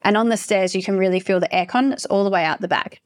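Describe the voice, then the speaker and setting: A young woman hosting a podcast, telling a story in a gushing, animated way and swearing freely. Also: mid-range voice, fast. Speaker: podcast host. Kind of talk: casual storytelling.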